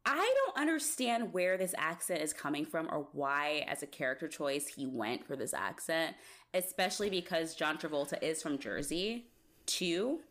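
Woman co-host, low-ish voice with lots of swing, wry and quick. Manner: animated, joking, quick asides. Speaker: podcast co-host. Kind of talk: casual chat.

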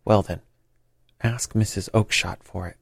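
A man voicing a surly market salesman who talks gruffly and blusters. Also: fairly low pitch, steady tone, unhurried, dry recording, studio quality, exaggerated voice. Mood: angry.

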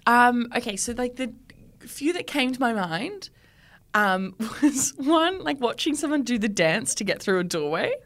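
A young Australian woman co-hosting a podcast, chatting casually with quick giggly asides. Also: fairly high pitch, big pitch swings, fairly bright tone. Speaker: podcast co-host. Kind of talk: casual chat.

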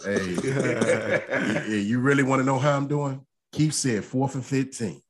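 A man's voice: mid-range voice, fairly even intonation, a little slow. A man hosting a podcast, opening the show with playful hype and casual banter. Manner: playful, hyped show opener. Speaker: podcast host.

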